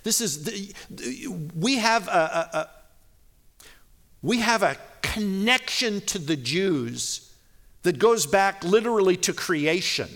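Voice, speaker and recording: A man teaching a Bible passage in a sermon, reading verses slowly and explaining them in a casual way, with many fillers and restarts. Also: high voice, lively intonation, a bit bright. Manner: conversational, many "you know" fillers and restarts; reads scripture slowly and deliberately.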